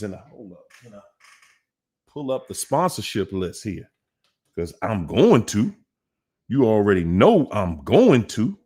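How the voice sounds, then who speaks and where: A man hosting a livestream Q&A, greeting viewers one by one in a drawn-out hype-man manner with sudden whoops. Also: fairly low pitch, a little mellow. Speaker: livestream host.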